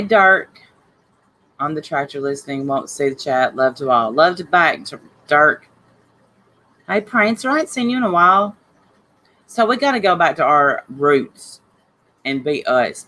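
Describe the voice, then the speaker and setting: A woman's voice: deep voice, moderate pace, fairly bright tone, poor audio. Woman, livestream host, chatty, blunt, heated, reads viewer names. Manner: chatty, greets viewers by name, blunt and fired up. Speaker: livestream host reading chat. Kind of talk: casual livestream chat.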